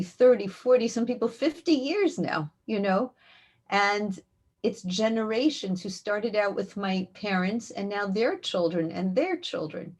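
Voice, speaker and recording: Animated, heartfelt woman storyteller. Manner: heartfelt, animated storytelling, rises high when quoting. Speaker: rebbetzin, community educator. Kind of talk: interview storytelling.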